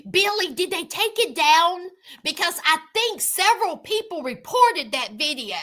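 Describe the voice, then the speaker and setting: A woman hosting a livestream, chatting casually with viewers and calling them by name, animated and exclaiming. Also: very high-pitched, a little slow. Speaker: livestream host. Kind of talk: casual commentary chat with viewers.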